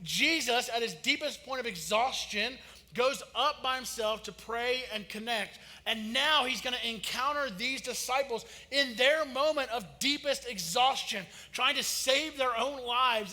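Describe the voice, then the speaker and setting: A man, preaching a sermon in a casual, joking style that rises to loud emphasis. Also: extremely high pitch, moderate pace. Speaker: pastor. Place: church sanctuary. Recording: long hall reverb.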